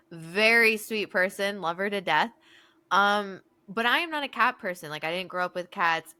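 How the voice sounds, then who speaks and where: A woman co-hosting a podcast, telling casual stories with lots of laughter and acted-out quotes. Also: no echo. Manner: animated storyteller, laughs often, acts out quotes in a higher voice. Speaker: podcast co-host. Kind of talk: casual storytelling chat.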